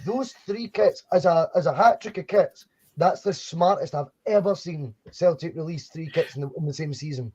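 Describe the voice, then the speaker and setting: A man's voice: fairly high pitch, normal speed, darkish tone, slightly rough. A man co-hosting a live podcast, chatting casually about football kits and restarting his sentences often. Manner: chatty, rambling, frequent restarts. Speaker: podcast co-host. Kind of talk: casual live-stream chat. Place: home studio for a live stream. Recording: dull lo-fi sound.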